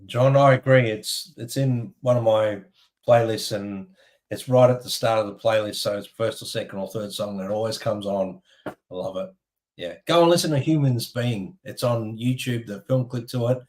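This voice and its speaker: A low-pitched man chats on a live music stream. He talks in a loose, rambling way, full of fillers, and gets openly heartfelt. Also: normal speed, a little mellow. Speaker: co-host. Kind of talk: casual live-stream chat.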